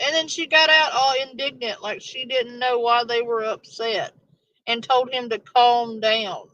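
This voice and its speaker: A woman's voice: a little high, steady tone, measured pace, fairly bright tone, no room sound, highs cut off. A woman giving casual reaction commentary, blunt, profane and sarcastic.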